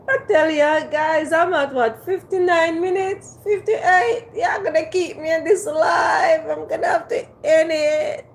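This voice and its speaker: A woman's voice: very high-pitched, slow pace, gravelly, slight background noise. A woman hosting a casual livestream from a phone on a ring light, playfully teasing and coaxing her viewers to type in the chat. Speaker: livestream host.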